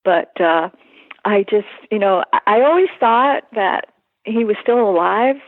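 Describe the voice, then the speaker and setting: Woman with a gravelly voice on a phone line. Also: medium pitch, expressive, no echo. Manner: halting, many fillers, earnest. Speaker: interview guest. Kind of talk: emotional personal recollection.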